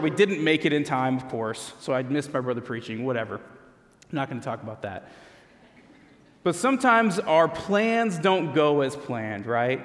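A man, a pastor, telling a humorous personal story in a conversational sermon. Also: a little high. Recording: long hall reverb.

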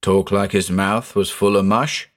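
A man voicing an excitable rustic farmer who talks in folksy backcountry speech with an excited quaver. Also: lowish voice, measured pace, natural voice. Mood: astonished.

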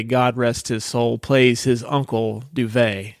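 A man hosting a podcast, ribbing his guest with cheerful profanity. His voice is smooth and clear, recorded close and dry with no room sound. He talks at a middling pitch. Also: little pitch movement, slow, no echo. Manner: teasing, profane banter. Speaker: podcast host. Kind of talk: casual chat.

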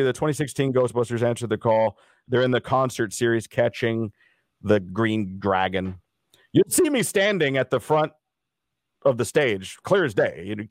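Middle-aged guy from dallas telling a story, mid pitch, dry close sound, does little voices for people. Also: no echo. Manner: animated anecdote teller, acts out quoted people. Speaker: interview guest. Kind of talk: storytelling in a casual interview.

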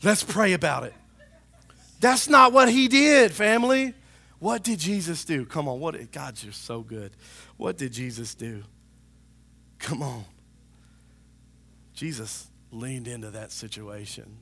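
A male pastor preaching a sermon in a church, animated and talking to the congregation, now and then acting out voices. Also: medium pitch, a little slow, pauses often. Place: church sanctuary.

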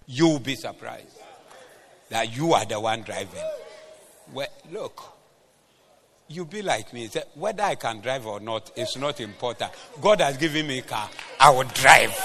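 A man with a Ghanaian accent, a pastor preaching a sermon at a church service and mixing English with Twi, swinging between loud exhortation and quiet storytelling. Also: a little high.

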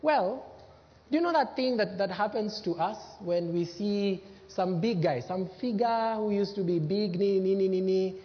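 A man preaching a sermon as pastor, emphatic, swinging between loud bursts and hushed lines. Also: sits high, lively intonation, a little slow, breathy edge. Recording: dull lo-fi sermon recording with long hall reverb.

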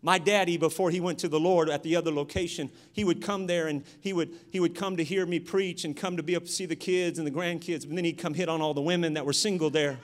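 Middle-aged pastor, high voice, goes from soft stories to shouting at the congregation. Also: male voice, fairly even intonation, fast talker, hardly any pauses. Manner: swings from quiet storytelling to shouted exhortation. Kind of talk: sermon.

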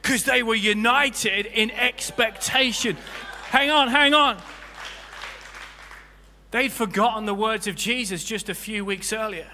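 A male pastor delivers an impassioned sermon in a high, very bright voice. He swings from loud, soaring peaks down to hushed, low stretches. The sound carries a long hall reverb with faint music beneath. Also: fairly even intonation, normal speed, few pauses, a faint crowd. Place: church hall.

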